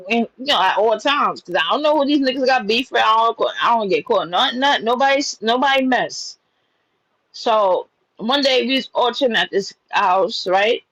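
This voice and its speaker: A young woman from New York telling a personal story in a casual, profane, animated way, laughing as she goes. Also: fairly high pitch, no room sound, rough recording.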